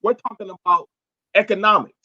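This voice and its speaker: A man's voice: high voice, fairly even intonation, a little fast. A man hosting a casual online panel, talking bluntly and profanely with lots of animation. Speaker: host. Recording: dull lo-fi sound.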